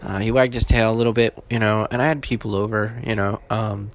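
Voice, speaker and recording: Guy doing his podcast, lowish voice, lots of ums and restarts, choked up. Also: fairly even intonation. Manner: halting, many fillers and restarts. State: emotional, holding back tears. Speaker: podcast host. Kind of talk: casual podcast talk.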